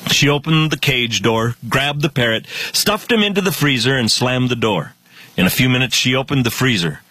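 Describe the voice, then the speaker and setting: A man tells a joke in a short radio comedy spot with punchy timing. His voice is bright and edgy, with a slightly husky grain. The recording is close and dry. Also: mid-range voice, animated, moderate pace, no room sound, poor audio.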